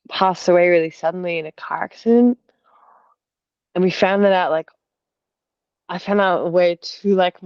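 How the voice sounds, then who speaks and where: A young woman from Australia talks through a hard week in a loose, rambling way, leaning on filler words. Her voice sits low for a woman. The video call audio is dull and lo-fi, with a dry, close sound. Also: no echo. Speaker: artist sharing in a group call. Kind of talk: casual emotional storytelling.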